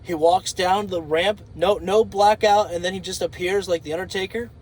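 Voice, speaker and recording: A high-voiced man sharing his own views in a casual vlog. He thinks aloud as he goes, with plenty of fillers and restarts. The delivery is loose and conversational. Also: fairly even intonation, normal speed, poor audio. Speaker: wrestling commentator.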